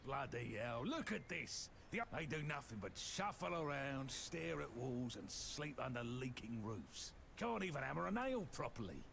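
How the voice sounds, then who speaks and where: A man voicing a grumpy, foul-mouthed old former keeper in a video game, with a gruff, rambling way of talking. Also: medium pitch, sing-song, normal speed, hardly any pauses, fairly bright tone. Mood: grumbling. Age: older. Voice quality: gravelly. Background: game music.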